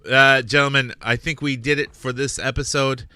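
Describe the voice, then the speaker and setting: A man hosting a comedy podcast, talking in an animated, profane way and laughing often. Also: mid-range voice, normal speed, dry recording. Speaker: podcast host. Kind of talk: casual comedy podcast chat.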